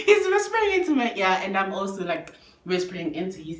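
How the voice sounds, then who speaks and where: A young South African woman whose first language is isiZulu tells a casual storytime tale with a Zulu accent, her medium-pitched voice sing-song at a moderate pace. She's chatty, switches between languages and calls her viewers "guys." The recording has a roomy echo.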